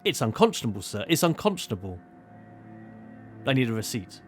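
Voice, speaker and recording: A man's voice: medium pitch, big pitch swings, brisk, faint music behind, natural voice. A man putting on a pompous clipped British gent. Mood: indignant. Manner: indignant, pompous complaining. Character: fussy clipped British gentleman on an old radio. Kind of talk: 1940s radio acting.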